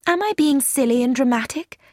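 A woman's voice: sits high, animated, a little fast, a little mellow, dry recording, clean studio sound. A woman reading as a young woman confiding in a letter. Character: young woman writing an anxious, chatty letter. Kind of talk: scripted narration.

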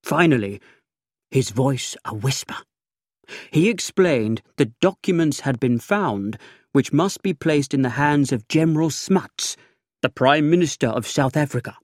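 Brief: male audiobook reader, unhurried and dry, close and dead-sounding recording. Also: mid-range voice, lively intonation, no room sound. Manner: languid, dry, measured first-person reading. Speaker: audiobook narrator. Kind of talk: scripted narration.

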